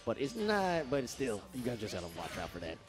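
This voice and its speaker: Excitable male esports commentator, lively pitch. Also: fairly quick, over music. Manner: excitable, playful, acts out players' thoughts. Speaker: fighting game commentator.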